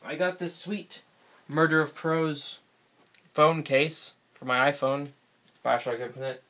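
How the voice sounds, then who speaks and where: Bright-voiced rambling New guy. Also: on the high side, level tone, unhurried, a little hiss or hum. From New England, USA. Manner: rambling, chatty, laughs often. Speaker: vlogger. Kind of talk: casual solo vlog. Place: sitting alone in front of a camera. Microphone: camera mic.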